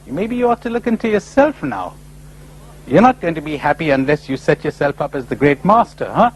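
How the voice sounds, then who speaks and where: A man giving a lively spiritual conference talk, full of rhetorical questions and acted-out voices, on an old tape recording. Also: fairly high pitch, a little fast, a little hiss or hum, poor audio. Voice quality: animated, rhetorical, acting out imagined voices. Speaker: speaker at a spiritual retreat conference.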